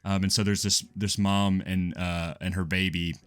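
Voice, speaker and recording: A man co-hosting a casual podcast review, rambling quickly with frequent laughs and self-corrections. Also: sits low, flat delivery, clean tone. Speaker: podcast co-host. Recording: lo-fi music bed underneath.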